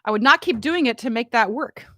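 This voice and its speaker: Woman, voice teacher, casual and playful, higher pitch, dry home room. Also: a little fast, no echo. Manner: chatty, playful and relaxed, often asks "right?". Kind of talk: casual vocal warm-up demonstration. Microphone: studio mic, monitored on headphones.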